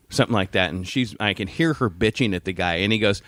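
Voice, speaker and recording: A man's voice: fairly low pitch, fast, no room sound, clean studio sound. A man co-hosting a casual podcast, telling stories with heavy swearing and acting out what people said. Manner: animated storyteller, heavy swearing, acts out quotes. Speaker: podcast co-host. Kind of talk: casual chat.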